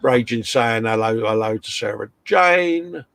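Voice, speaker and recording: A man's voice: mid-range voice, lively intonation, measured pace, creaky, fairly bright tone, a little hiss or hum. Joking British man reading chat aloud. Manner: jokey banter with slang. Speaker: live stream co-host. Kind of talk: casual chat reading out viewer comments. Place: hobby workshop at home.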